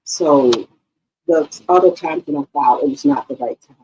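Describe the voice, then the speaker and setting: A woman's voice: sits low, moderate pace, mellow, a little hiss or hum, rough recording. A woman hosting her own channel, talking to her viewers in an emotional, casual way and repeating herself often. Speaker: YouTube channel host. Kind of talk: casual heartfelt talk to viewers.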